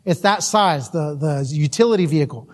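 A man's voice: on the high side, animated, moderate pace. A middle-aged man preaching a sermon, telling folksy stories about himself and laughing at his own mishaps. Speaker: missionary preacher.

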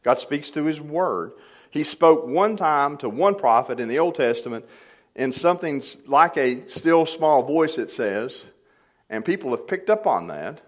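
A man's voice: on the high side, expressive, a little slow. Older man preaching with emphatic build. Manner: emphatic, rising to forceful peaks on key points; plain conversational asides with light humor. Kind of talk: sermon. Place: church sanctuary.

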